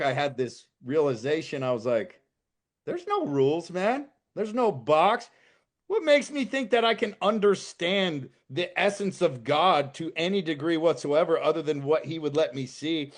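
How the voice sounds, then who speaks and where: A man's voice: on the high side, normal speed, few pauses. Fervent man, a podcast guest. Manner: impassioned, swears freely, rising to emphatic outbursts. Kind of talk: casual podcast chat.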